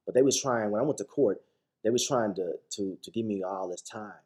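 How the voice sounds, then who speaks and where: A man's voice: fairly low pitch, fairly quick, darkish tone. A man guest on a radio interview, telling his personal story with emphatic repetitions and frequent restarts. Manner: acts out quoted voices. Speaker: guest, TV show founder.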